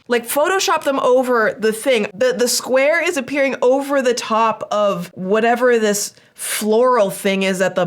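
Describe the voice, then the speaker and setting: A woman hosting a reaction commentary, talking in an animated, incredulous way with frequent laughter. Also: on the high side. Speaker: commentary host.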